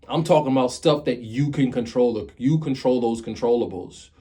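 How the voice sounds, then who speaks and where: A man's voice: mid-range voice, moderate pace, mellow. A man in his thirties giving a casual motivational talk to his viewers. He speaks earnestly and repeats key phrases to drive his point home. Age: 30s. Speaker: motivational vlogger.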